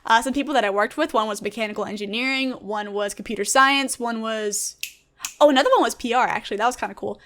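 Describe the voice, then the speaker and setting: A young woman in her twenties, a gaming YouTuber and streamer, vlogs casually about her past jobs. She is chatty and enthusiastic, telling animated stories in a fast, fairly high voice.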